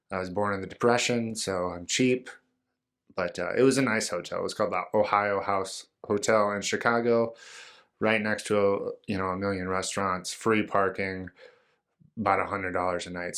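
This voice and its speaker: A man with a deep, low-pitched voice hosts his podcast solo and chats loosely. He rambles through stories with jokes and plenty of ums and uhs. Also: fairly even intonation, moderate pace, fairly bright tone. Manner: rambling, joking, many fillers. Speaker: podcast host. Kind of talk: casual solo podcast talk.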